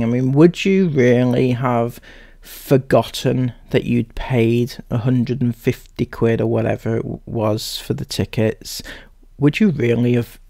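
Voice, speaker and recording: A man's voice: medium pitch, creaky, a little mellow, no echo, clean studio sound. A man hosting a sarcastic commentary, speaking straight at the people he mocks with open skepticism. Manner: mocking, skeptical, addresses subjects directly. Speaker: commentary host.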